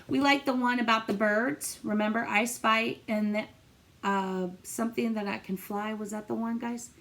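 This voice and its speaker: Slow, encouraging schoolteacher woman. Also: a little high. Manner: animated and encouraging, asks children questions. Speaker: teacher. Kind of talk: reading a picture book aloud to young children.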